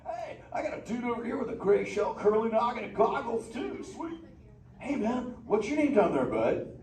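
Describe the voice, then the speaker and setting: A mellow old surfer sea turtle, swooping up and down in pitch with drawn-out dude-speak and easy chuckles. He talks live to an audience, heard from afar in an echoey theater with noise around. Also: big pitch swings, recorded from a distance. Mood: laid-back. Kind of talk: live interactive theme park show. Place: indoor theater show.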